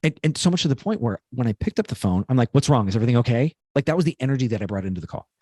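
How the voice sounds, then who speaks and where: Speaking rapid-fire with big pitch swings, a male podcast co-host with a mid-range, dark-toned voice works through a personal story in an earnest, rambling way full of fillers. It's a casual, reflective chat, recorded cleanly in a studio with no echo.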